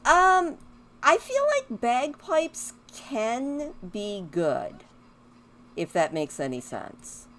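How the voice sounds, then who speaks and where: Slow, chatty woman narrating her gameplay. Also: fairly high pitch, big pitch swings, fairly bright tone, a little hiss or hum. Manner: chatty, talks to her game characters while playing. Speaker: gaming video host. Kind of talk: casual gameplay commentary.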